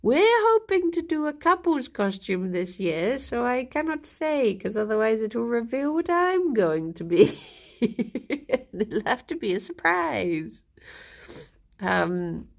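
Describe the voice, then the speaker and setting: Woman, livestreamer, tired, yawny, slow-paced, relaxed chat, lots of ums. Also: a little high, gravelly. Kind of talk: casual chat with chat viewers.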